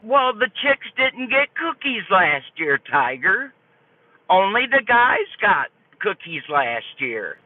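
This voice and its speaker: An older woman streaming live, telling a story to her chat in an animated, folksy way. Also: medium pitch, takes it slowly. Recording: tinny phone-like dry audio.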